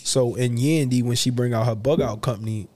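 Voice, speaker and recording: A man's voice: mid-range voice, steady tone, fairly quick, darkish tone. A man in his thirties or forties co-hosting a podcast, telling stories in loose slangy casual chat and laughing between lines. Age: 30s to 40s. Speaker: podcast co-host.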